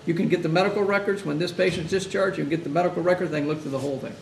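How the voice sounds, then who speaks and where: A man's voice: fairly high pitch, rapid-fire, gravelly. A male hospital chaplain instructor giving a conversational lecture, telling stories and acting out what families say. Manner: animated storytelling, acting out families' words. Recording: echoey room, mic at a distance, faint hiss.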